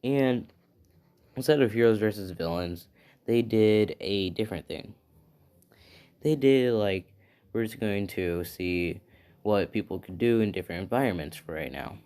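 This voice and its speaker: A man's voice: lowish voice, a little slow, pauses often, dark tone, clear, resonant tone. Rambling man telling a story. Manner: rambling, lots of fillers and "right?". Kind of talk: casual retelling of a fan story. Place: at home with his dog.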